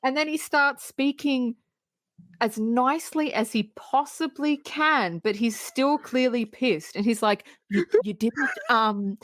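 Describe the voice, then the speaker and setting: A woman's voice: sits high, a little slow, dry recording. A woman co-hosting a podcast, animatedly retelling a film in casual chat and often laughing as she acts out scenes. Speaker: podcast co-host.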